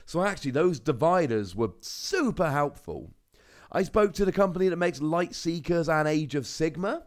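A young man from Cornwall with a British accent, hosting a casual solo podcast and telling rambling stories full of asides. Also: fairly high pitch. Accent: British English. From Cornwall, England. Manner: chatty, rambling storyteller with asides. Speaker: podcast host.

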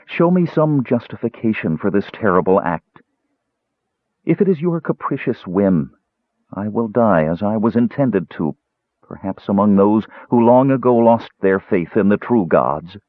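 A man's voice: on the low side, animated, a little slow, dry recording. A man voicing an anguished young woman cleric who is doubting her faith, speaking in a trembling, pleading way. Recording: tinny phone-like dry sound.

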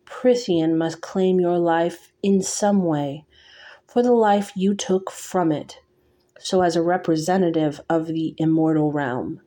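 A woman reading aloud, voicing a menacing male fairy beast with cold, measured threats. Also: lowish voice, dark tone.

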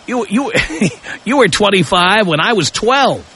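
A man's voice: high-pitched, lively intonation, a little slow, crowd noise. A man hosting a call-in radio talk show, brash and mocking, provoking his callers.

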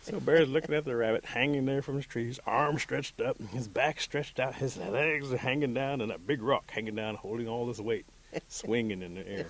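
A man telling a folk tale aloud, lively and animated as he acts out the characters. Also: medium pitch, normal speed. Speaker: storyteller.

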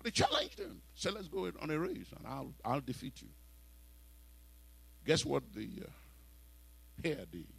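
A man with a Nigerian accent preaching a sermon, telling stories and breaking into sudden loud exhortations. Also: fairly high pitch, wildly swooping pitch, measured pace, gravelly, pauses often, husky, low-quality recording.

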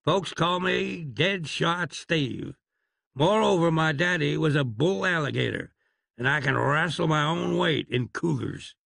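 A man's voice: fairly high pitch, expressive, measured pace, vocal fry, fairly bright tone, no echo, full character voice. A man doing a snarling backwoods gunslinger braggart. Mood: blustering. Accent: put-on American Deep South. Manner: snarling, boastful. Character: young man faking a swaggering swamp gunslinger.

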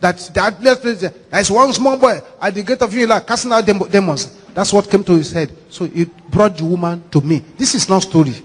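Husky high-voiced Nigerian preacher. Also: male voice, normal speed, few pauses. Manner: animated, repetitive, dramatic. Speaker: pastor. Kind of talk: sermon with acted storytelling. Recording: echoey hall reverb.

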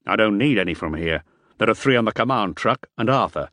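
A gruff, aggressive mercenary brawler, as a male narrator voices him, speaking blunt and curt in a low, dry voice close to the narrator's own. Audiobook read. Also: lively intonation, fairly quick, pushed and bright, no room sound.

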